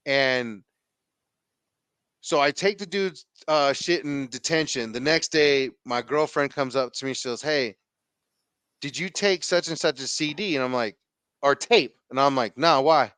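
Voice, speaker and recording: A man with a smooth, medium-pitched voice and no room sound recounts a rowdy tale on a podcast. He's slangy and full of swearing, animatedly playing out each quote.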